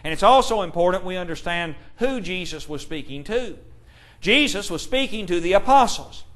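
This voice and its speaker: High-voiced guy preaching a sermon, slow emphatic delivery, reads bible verses out. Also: lively intonation, a bit bright. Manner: deliberate, emphatic preaching with slowed stresses; reads scripture aloud in King James wording.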